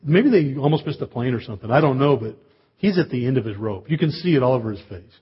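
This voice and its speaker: Husky-voiced pastor telling a story. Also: male voice, mid-range voice, lively intonation, quick pace, muffled recording. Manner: storytelling with humor and asides. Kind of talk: sermon.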